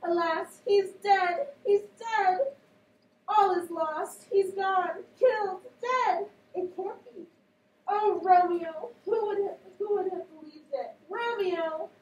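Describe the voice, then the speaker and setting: A woman playing a grieving young girl, overwrought; high voice, recorded far off. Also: takes it slowly, dull audio, a little hiss or hum. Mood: wailing. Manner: wailing, overwrought. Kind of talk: reading a play aloud in class. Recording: echoey classroom, voice from a distance.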